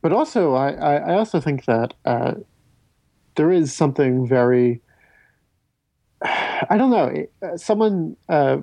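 Guy hosting a movie podcast, kinda rambly, mellow dark tone, dry sound. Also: a little high, animated, a little slow, vocal fry, pauses often, no echo. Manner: rambling, self-interrupting, stammers on restarts. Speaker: podcast host. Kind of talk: casual film discussion.

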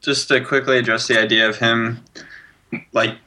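A man's voice: mid-range voice, level tone, moderate pace, bright, forceful tone. A man on a film podcast panel, giving his opinion hesitantly, with many fillers. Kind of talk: casual film discussion.

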